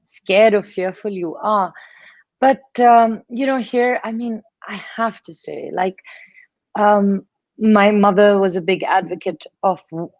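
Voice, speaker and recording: A woman's voice: mid-range voice, a little mellow, dry recording. Candid, hesitant woman on a dull line. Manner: candid, hesitant, lots of fillers. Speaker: panel guest. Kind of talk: live panel discussion. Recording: dull dry lo-fi sound.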